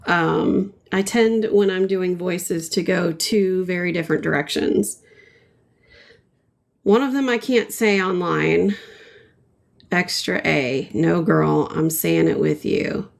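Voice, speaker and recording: A woman's voice: lowish voice, slow, creaky, a little mellow. A middle-aged woman giving a casual live painting tutorial, chatty and full of ums as she answers viewers' comments while she works. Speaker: painting instructor.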